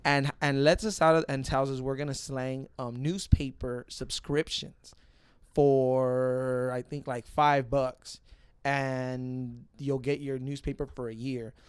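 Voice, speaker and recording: A young man telling a profane, animated story in a casual podcast chat. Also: medium pitch, takes it slowly, smooth, no echo. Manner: profane, animated, acts out other people's voices. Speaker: podcast guest.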